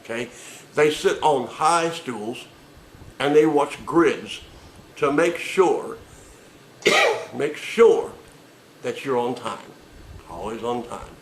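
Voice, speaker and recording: A man's voice: medium pitch, lively intonation, takes it slowly, long pauses, echoey room, a little hiss or hum, rough recording. A man delivering a sarcastic, profane comedic rant with emphatic delivery.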